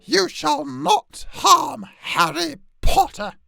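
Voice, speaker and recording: A man voicing a small, eager male house elf in a squeaky, strained voice, sliding between high yelps and low mutters. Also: very animated, slow, gravelly, bright, forceful tone, faint music behind, full character voice. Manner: eager and breathless, slipping into a hiss. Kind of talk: comedic character impression.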